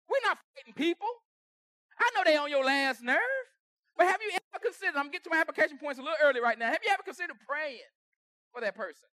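High-voiced pastor preaching with loud bursts. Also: male voice, expressive, quick pace, no room sound, studio quality. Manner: conversational preaching with sudden loud bursts and dropped asides. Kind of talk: sermon. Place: church sanctuary.

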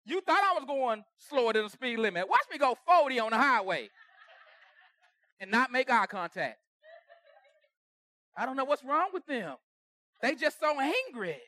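A man preaching a conversational sermon with humor, acting out everyday quarrels and swinging from soft asides to shouts. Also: very high voice, no echo, studio quality.

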